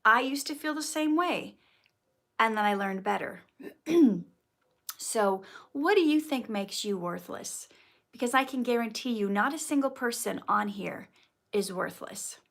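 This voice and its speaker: Woman, thirties, slightly high voice, slow and chatty livestream host reading fan comments. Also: animated, creaky, a bit bright. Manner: chatty and encouraging, reads chat comments aloud. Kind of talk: casual livestream chat.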